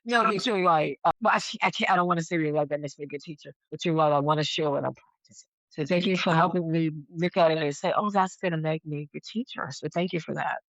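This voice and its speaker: A woman guest on a podcast, talking in a halting, reflective way and often repeating herself as she searches for words. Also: deep voice, a bit bright, no room sound, poor audio. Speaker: podcast guest, yoga teacher. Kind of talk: casual conversation.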